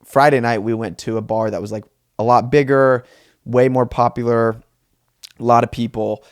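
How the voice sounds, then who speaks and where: A man's voice: medium pitch, moderate pace, clean tone, dry recording, studio quality. Young man telling a rambling comic story. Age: 20s. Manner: rambling, self-mocking and animated. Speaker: podcast host. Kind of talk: solo comedic storytelling podcast.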